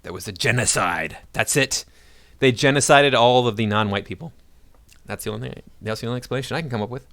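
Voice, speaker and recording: A man's voice: mid-range voice, fast, fairly bright tone, dry recording. A man giving sarcastic, indignant reaction commentary on a video clip. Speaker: YouTube commentator.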